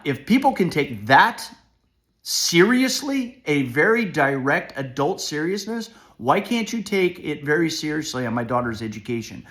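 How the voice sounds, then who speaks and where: A man's voice: a little high, a bit bright. A middle-aged man at home giving a frustrated commentary as a parent, emphatic and often repeating "all right?".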